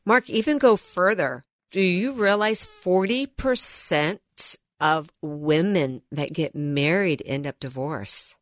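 A woman's voice: lowish voice, lively intonation, takes it slowly, few pauses, dry recording. Earnest woman radio co-host, dry studio. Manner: earnest, storytelling, emphatic. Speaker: financial advisor and co-host. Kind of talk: radio talk show chat. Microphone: studio mic.

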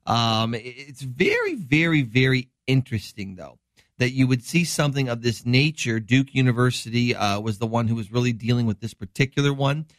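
A man's voice: mid-range voice, very animated, moderate pace, no echo, clean studio sound. A middle-aged man from Wisconsin, a doctor hosting a health show, explaining news in rambling, enthusiastic casual chat.

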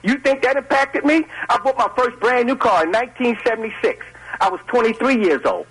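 A man, calling in to a radio show and arguing in a folksy, animated way. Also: very high voice, a little fast, rough recording. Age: 70s. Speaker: caller. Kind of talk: call-in radio debate.

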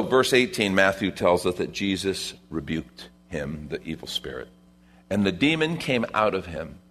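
Animated low-voiced male pastor preaching. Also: husky. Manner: animated preaching, rising to loud emphasis. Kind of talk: sermon.

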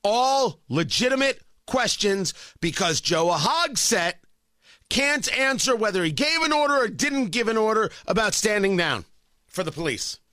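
Animated combative radio host, man. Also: sits high, a little slow, no echo, clean studio sound. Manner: combative, sarcastic, emphatic repetition. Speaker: radio talk show host. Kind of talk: opinionated talk radio monologue.

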